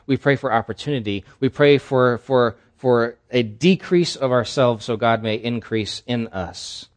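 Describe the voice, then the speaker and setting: A man's voice: medium pitch, measured pace. A man preaching as a pastor at a church service, telling a candid personal story in an earnest way. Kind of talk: sermon.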